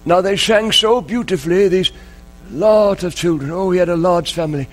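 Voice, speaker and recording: A man preaching a sermon, telling a story in an earnest, emotional way with dramatic pauses. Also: high voice, soft background music, rough recording.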